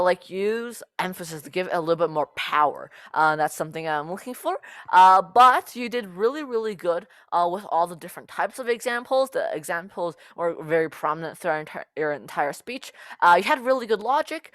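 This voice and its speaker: A woman's voice: on the low side, fairly bright tone, no room sound. A woman judging a speech tournament, giving upbeat feedback full of uhs over a video call. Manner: upbeat, heavy on uh and awesome. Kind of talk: casual spoken feedback.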